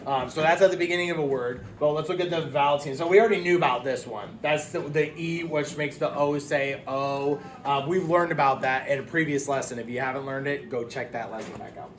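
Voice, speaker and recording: A man's voice: fairly high pitch, steady tone, fairly quick, hardly any pauses. A man teaching a phonics lesson, patiently drilling words and praising the class, with frequent ums. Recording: echoey room with loud background hiss.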